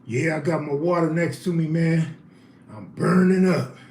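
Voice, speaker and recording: Man, high voice, out of breath, casual live stream chat, roomy echo, faint hum. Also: measured pace, vocal fry, a little mellow. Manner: loose, joking, chatty slang.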